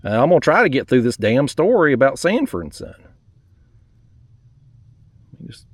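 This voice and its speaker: Lively, ranting fishing vlogger. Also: male voice, mid-range voice, moderate pace, no echo, clean studio sound. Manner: fired-up, profane, ranting. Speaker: fishing channel host. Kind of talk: casual vlog storytelling. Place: outdoors, fishing from a kayak.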